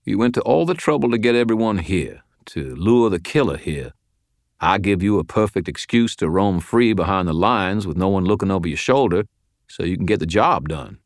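A man voicing a gruff, folksy old male wizard mentor who talks bluntly and with a slow drawl, in an audiobook reading. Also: low voice, animated, no room sound, clean studio sound. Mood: reproachful. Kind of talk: audiobook character voice.

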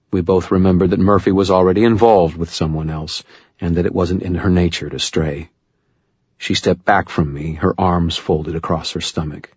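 Man, deep husky voice, measured first-person narration, dry muffled studio sound. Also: no room sound. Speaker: audiobook narrator.

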